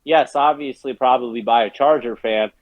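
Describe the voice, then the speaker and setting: A podcast co-host with a medium-pitched voice rants heatedly and curses at a moderate pace while gaming on a headset, a little drunk, during a casual sports show. The recording is dry and the audio sounds dull.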